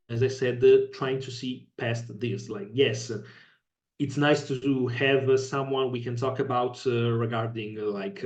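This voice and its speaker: A man's voice: medium pitch, a little mellow. An Italian-accented man speaks as a podcast guest, thoughtful and a little hesitant as he feels his way through each answer. His voice sits back from the mic in a roomy space, and the sound is somewhat dull. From Italy. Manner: thoughtful, hesitant, pausing to find words. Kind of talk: casual conversation. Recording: echoey, distant, dull remote audio.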